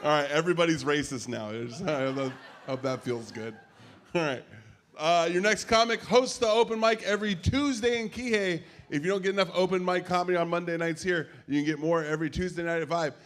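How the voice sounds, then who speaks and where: Wry high-voiced male emcee. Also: a little fast. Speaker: open mic emcee. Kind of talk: introducing comics.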